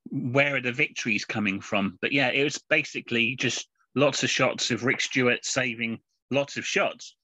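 Rambling chatty podcast man, bright voice. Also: medium pitch, no room sound. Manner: rambling, chatty, many fillers and restarts. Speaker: podcast co-host. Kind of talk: casual chat reviewing comics. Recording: dull lo-fi podcast audio.

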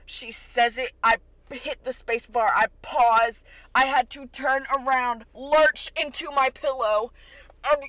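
A woman's voice: high voice, slow pace, no room sound. Host chatty, cursing young woman from Kentucky, dry sound. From Kentucky, USA. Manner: chatty, profane, excitable retelling. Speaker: podcast host. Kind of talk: casual TV episode recap.

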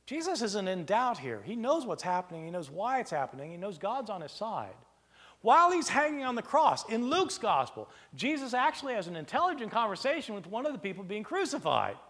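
A man lecturing in a high voice that swings widely in pitch. He talks in an animated way and keeps asking rhetorical questions. His words ring out with a long reverb, as in a big hall. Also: a little fast. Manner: animated, rhetorical questions, plays out imagined exchanges. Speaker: lecturer on early Christian texts.

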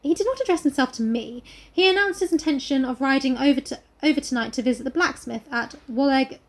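Earnest young woman read by a woman, high voice, measured careful delivery.

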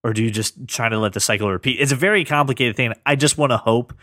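This is an earnest man co-hosting a casual comics chat, circling back and restarting as he works through his thoughts. His voice sits at an ordinary middle pitch. It is recorded dry and close, with no room sound. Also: fast talker, pushed and bright, no echo. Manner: earnest, thinks aloud with many restarts. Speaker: podcast co-host.

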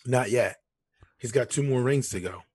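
A man co-hosting a casual sports podcast, laid-back and quick to agree. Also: mid-range voice, darkish tone, breathy edge, no room sound, clean studio sound. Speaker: podcast co-host.

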